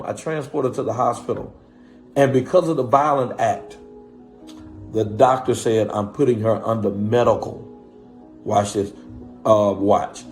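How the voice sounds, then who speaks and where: A man's voice: mid-range voice, a little mellow. A man, a pastor, talking passionately to his live-stream viewers, repeatedly calling out to his listeners.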